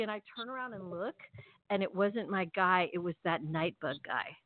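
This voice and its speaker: A woman telling a long story in casual chat, animated and chatty, acting out her own lines. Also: mid-range voice, a little fast, dry recording. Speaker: podcast co-host. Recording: tinny phone-like call audio.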